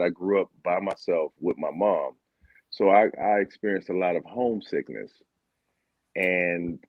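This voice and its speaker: A man from Baltimore telling his story as a guest, animated and sometimes acting out what others said. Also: sits low, breathy edge, dry recording. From Baltimore, Maryland, USA. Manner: animated, acts out quotes of teammates. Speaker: guest, former Olympic sprinter. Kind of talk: candid conversational storytelling. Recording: dull lo-fi sound.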